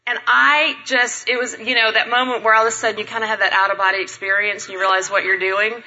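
A married woman telling a self-deprecating personal story to a church congregation, animated and acting out the people she quotes. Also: a little high, fast, few pauses, muffled recording, a little hiss or hum.

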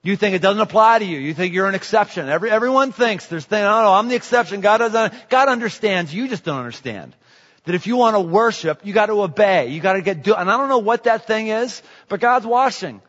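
A man preaches an animated, jokey sermon and repeats his points. His voice sits a little high. It carries a long hall echo and sounds dull. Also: a little fast. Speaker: pastor.

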